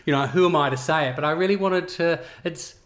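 A middle-aged Australian man, a chef talking casually about his cookbook in a relaxed, rambling way with frequent chuckles. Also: a little high, fast talker. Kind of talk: casual interview chat.

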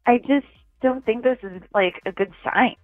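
A woman's voice: on the high side, moderate pace, no echo. A woman calling in to a radio show, talking in a hesitant, rambling way with many fillers. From Chicago area. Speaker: caller. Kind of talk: casual phone-in chat. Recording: tinny phone line.

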